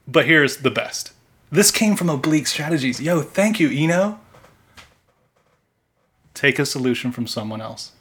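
A male podcast co-host talking in a laid-back, rambling way with lots of halting restarts. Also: a little high, animated, fairly bright tone, breathy edge. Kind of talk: casual comedic chat.

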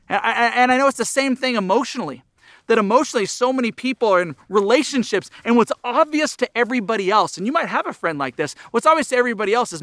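A man's voice: sits high, lively intonation, fast, bright, forceful tone, no room sound, studio quality. A middle-aged man preaching a sermon as pastor, earnest, his voice rising and dropping for emphasis.

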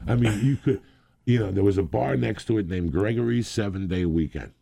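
Guy in his 60s, dark low voice, dry close sound, goes off on long animated tangents. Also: fairly quick, gravelly, husky, dry recording. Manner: rambling, animated, laughs a lot. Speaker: guest. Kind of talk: casual storytelling.

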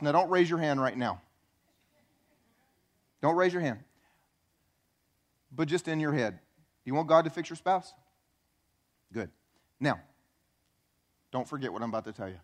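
A man's voice: a little high, moderate pace, pauses often. Emphatic man preaching a sermon. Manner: emphatic, repeats key phrases, acts out quoted voices. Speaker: pastor.

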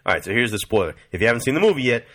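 A man's voice: mid-range voice, big pitch swings, very fast, fairly bright tone. A middle-aged man rambling casually about movies, swearing freely and calling the listener "dude". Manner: profane, rambling, says "dude" a lot. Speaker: vlogger.

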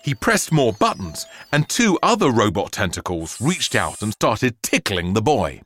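A man's voice: fairly low pitch, big pitch swings, measured pace, a bit bright. A man reading a children's story aloud, doing voices for the characters. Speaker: narrator.

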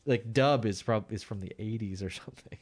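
A man's voice: fairly low pitch, fairly quick. Laid-back man chuckling through chat. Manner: laughs mid-sentence, trails off quietly. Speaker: podcast host. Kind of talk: casual comedic chat.

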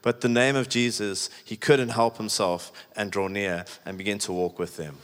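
A man's voice: on the low side, little pitch movement, normal speed, a bit bright. A man preaching a sermon in a chatty, emphatic way, with many "like"s. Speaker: pastor. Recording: echoey hall with long reverb.

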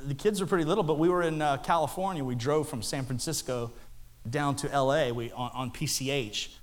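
A man's voice: mid-range voice, brisk. A middle-aged man preaching a sermon as a pastor, telling jokey stories and bantering with the congregation. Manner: animated, joking storytelling with the congregation. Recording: long hall reverb, faint music.

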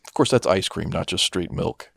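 A man co-hosting a casual movie commentary in a laid-back, deadpan, profane manner. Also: deep voice, normal speed, vocal fry, slightly rough, no room sound. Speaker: podcast co-host.

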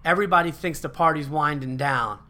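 This podcast host talks briskly in a fairly high voice. His storytelling is loose and lively, peppered with swearing and filler words as he rambles along.

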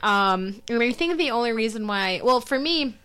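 A woman's voice: fairly high pitch, lively intonation, normal speed, a bit bright, clear, resonant tone. A woman co-hosting a podcast in casual chat, rambling with asides and laughing often. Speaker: podcast co-host.

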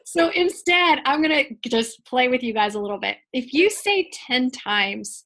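Woman in her forties, fairly high voice, playful and animated, interview guest. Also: normal speed. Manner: animated, laughs often, playful teaching tone. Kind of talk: conversational interview.

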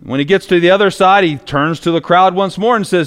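A man's voice: sits high, a little fast, hardly any pauses, a bit bright, clean tone. A male pastor preaching a sermon in a church, telling stories with emphatic repetition. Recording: long echoey reverb.

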